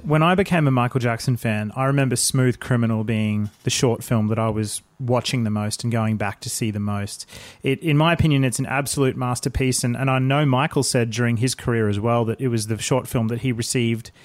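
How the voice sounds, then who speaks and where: A man's voice: medium pitch, fairly even intonation, fairly quick, dry recording. A man hosting a podcast, introducing an interview and asking questions in an earnest, admiring way. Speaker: podcast host.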